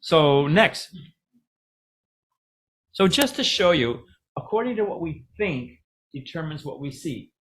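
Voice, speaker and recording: A middle-aged man giving a casual, joking spiritual talk, pausing to ask the audience questions. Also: a little high, big pitch swings.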